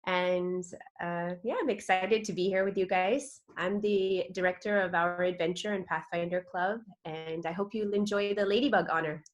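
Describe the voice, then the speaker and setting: A woman's voice: on the low side, fairly even intonation, normal speed, hardly any pauses, dull audio. Upbeat Texan woman teaching online. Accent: Texan American. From Texas, USA. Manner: upbeat, chatty teaching with checking questions. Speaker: club director teaching an honor. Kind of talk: online class presentation. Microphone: video call.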